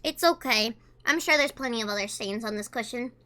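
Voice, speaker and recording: Bright, high-pitched woman streamer. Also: brisk. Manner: chatty, talks while eating, reads chat aloud. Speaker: livestreamer. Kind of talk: casual live-stream chat.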